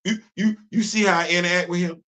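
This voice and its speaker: A man hosts a casual livestream, pressing his points with emphatic repetition. His voice sits a bit high with a bright, forceful edge. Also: fairly even intonation, quick pace. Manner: emphatic, preachy, repeats himself. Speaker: host.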